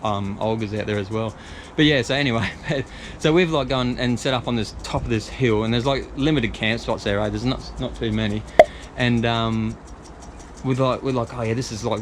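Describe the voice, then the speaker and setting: A man in his thirties with an Australian accent, telling a rambling travel story full of fillers and slang, with faint noise behind him. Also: on the low side. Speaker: travel vlogger. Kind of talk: casual storytelling.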